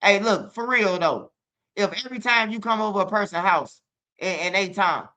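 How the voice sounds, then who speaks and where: A man with a high voice speaks at normal speed, sounding pushed and bright. Hosting his own channel in a Chicago accent, he offers a casual storytelling monologue of rambling, profane tales stuffed with "bro," addressing viewers directly and asking them to comment.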